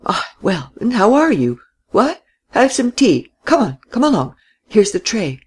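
A man reading a story and voicing a fussy, rambling old gentleman in a raised, quavering voice. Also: very animated, measured pace, husky, exaggerated voice. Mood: fussy welcome. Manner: babbling, quavering, high-pitched.

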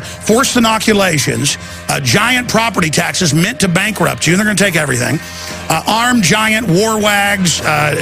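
A man's voice: sits high, vocal fry. A man hosting a talk radio show, delivering an urgent, emphatic ranting monologue.

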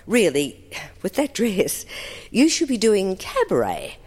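A woman voicing a laid-back male band drummer who gives offhand advice in a quiet, casual way. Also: high voice, huge pitch swings, slow, long reverb tail, heavily acted.

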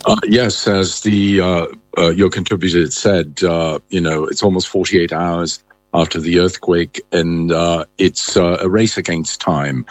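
A male correspondent speaks in a very deep voice, hesitant and full of restarts as he reports. The sound is dry and close. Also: steady tone, no echo. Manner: halting, many fillers and restarts. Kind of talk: live news phone-in report.

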